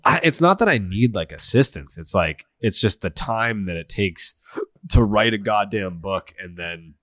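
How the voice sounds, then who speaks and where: A man's voice: on the low side, animated, normal speed, sharp tone, no room sound. A man hosting a podcast who is congested, chatting casually and self-mockingly, with casual swearing. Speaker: podcast host.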